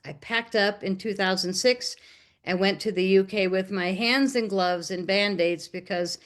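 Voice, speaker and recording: A woman's voice: mid-range voice, measured pace. American woman telling stories animatedly. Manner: animated, acts out quoted dialogue. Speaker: interview guest, documentary filmmaker. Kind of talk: casual storytelling in a conversation.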